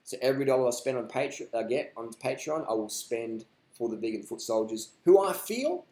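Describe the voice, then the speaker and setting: Aussie guy ranting on a live stream, swears a lot, mid-pitched voice, roomy echo. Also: lively intonation, normal speed, dark tone. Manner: blunt, profane, rambling. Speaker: live stream host answering viewer questions. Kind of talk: casual unscripted live stream chat.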